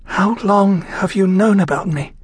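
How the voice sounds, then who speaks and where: A man's voice: fairly high pitch, lively intonation, moderate pace, husky, no room sound, studio quality. A man voicing a young streetwise working girl, bold and wary, with coaxing slangy talk. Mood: frightened.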